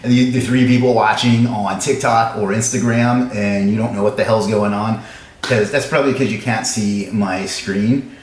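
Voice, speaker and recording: A man hosting a live stream, chatting casually with viewers in a fast, joking, self-mocking way, in a room with echo. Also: fairly low pitch, fairly even intonation, slight background noise. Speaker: livestream host. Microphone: livestream camera setup. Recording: echoey room sound.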